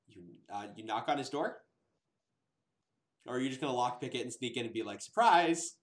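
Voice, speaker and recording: A man's voice: mid-range voice, fairly quick. A man running a tabletop game as game master, joking and laughing as he narrates. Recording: echoey room, faint hiss.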